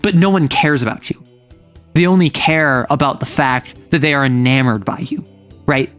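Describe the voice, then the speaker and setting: A man hosting a casual chat, explaining tabletop game rules in a rambling, filler-heavy, animated way. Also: medium pitch, moderate pace, faint music behind. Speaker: host.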